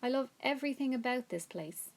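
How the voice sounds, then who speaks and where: A woman reading a storybook aloud, voicing a timid, eager young male pig in a gentle, pleading way. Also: high voice, expressive, brisk, vocal fry, voice pushed up. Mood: wistful.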